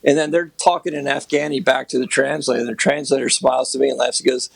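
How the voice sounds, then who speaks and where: A man's voice: medium pitch, fairly even intonation, fast talker, vocal fry, breathy edge, no echo. A man, a guest photographer, telling a rambling anecdote in a casual podcast chat, with many fillers. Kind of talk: casual storytelling.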